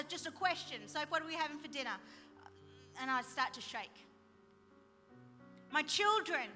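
A middle-aged woman telling a personal story in a sermon, lively and full of quoted dialogue. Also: sits high, long reverb tail. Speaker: speaker sharing testimony. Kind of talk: sermon-style personal testimony.

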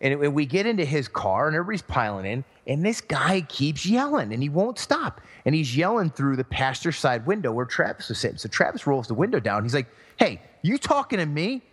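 Animated male storyteller in a reverberant room. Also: fairly high pitch, brisk, few pauses, slightly rough. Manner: animated storyteller acting out quoted voices. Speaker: podcast co-host. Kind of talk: casual storytelling. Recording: long hall reverb.

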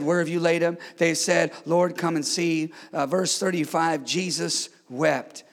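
High-voiced gravelly preacher in a hall. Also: male voice. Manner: call-and-response preaching, swings from hushed to shouted. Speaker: pastor. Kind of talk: sermon. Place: church sanctuary.

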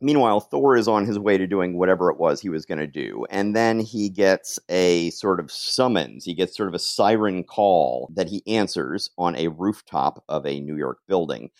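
A man's voice: deep voice, lively intonation, moderate pace, few pauses, no room sound, clean studio sound. A man co-hosting a podcast, recapping a comic book in casual chat and acting out the characters' lines now and then. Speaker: podcast co-host.

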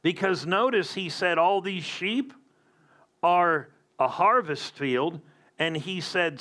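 A man's voice: on the high side, takes it slowly, sharp tone. A man preaching a sermon as a pastor, emphatic with conversational asides.

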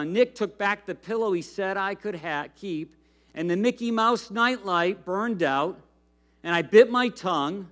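A man's voice: sits high, sharp tone, exaggerated voice. A man reading a storybook aloud in the voice of a whiny, grumpy little boy who feels sorry for himself.

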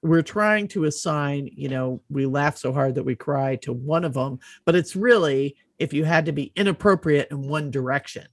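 A woman's voice: sits low, normal speed, hardly any pauses, no echo. Thoughtful woman with a dry sound. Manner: thoughtful, explains at length, plays out quotes. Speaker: podcast co-host. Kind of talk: casual chat.

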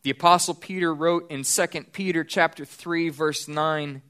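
Pastor guy preaching in church, kinda high voice, earnest, drags out the big points. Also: fairly even intonation, pushed and bright, smooth. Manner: earnest, slows down to stress key points. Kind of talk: sermon.

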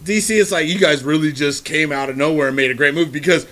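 A man co-hosting a podcast in relaxed, profane casual chat that builds to excited bursts. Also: fairly high pitch, fast talker. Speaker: podcast co-host.

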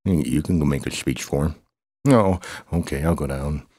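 Low, dark-voiced man improvising a story, rambling and excitable. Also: normal speed, husky, dry recording, studio quality. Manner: rambling, excitable, with grunts and humming.

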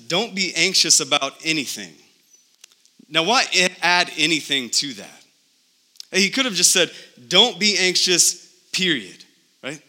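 A man with a fairly high-pitched, sharp voice preaches a sermon as a pastor, emphatic and full of rhetorical questions. The long reverb of a large hall fills the recording.

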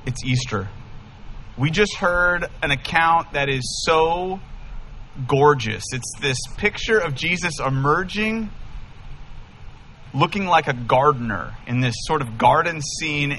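A man's voice: a little high, measured pace, slight background noise. Enthusiastic, funny pastor man. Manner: enthusiastic, humorous, animated. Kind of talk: casual storytelling sermon. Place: church sanctuary.

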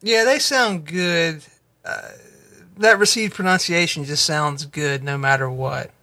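A man with a high, bright, sharp voice in casual podcast chat. He halts, stammers and gropes for the right word as he makes his point. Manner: halting, stammering, searching for words.

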